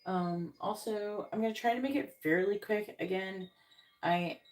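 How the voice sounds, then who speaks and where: A woman's voice: medium pitch, unhurried. A tired woman hosting a tarot live stream, chatting casually and rambling, with many ums and self-corrections.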